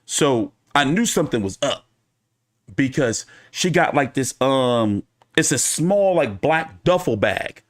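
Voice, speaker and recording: A man's voice: medium pitch, lively intonation, slow pace. A man hosting a boxing commentary show, telling a story in a casual, rambling, profane way.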